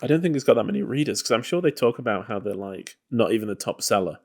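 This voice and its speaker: A man co-hosting a podcast talks casually about a film in a loose, hedging way, full of "you know" and "kind of." His voice is medium-pitched with lively intonation, and he speaks fast.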